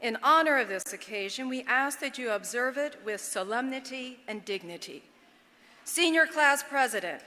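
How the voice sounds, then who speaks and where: A woman opens a graduation ceremony in slow, measured, ceremonial tones. Her voice is bright and firm, and it rings out with a long echo through a large arena. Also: a little high. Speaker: ceremony announcer. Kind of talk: formal announcing.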